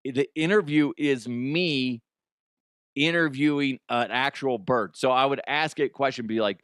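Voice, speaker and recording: A man's voice: medium pitch, a little slow, a bit bright, smooth, dry recording, clean studio sound. A man hosting a comedy news show, chatting casually, swearing and laughing often at himself. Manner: laughs often, profane, self-mocking.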